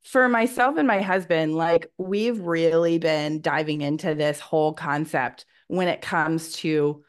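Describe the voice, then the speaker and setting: A woman's voice: deep voice, measured pace, clear, resonant tone. A woman in her thirties co-hosting a podcast, speaking in a reflective, encouraging way about mindset. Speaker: podcast co-host. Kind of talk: casual podcast chat.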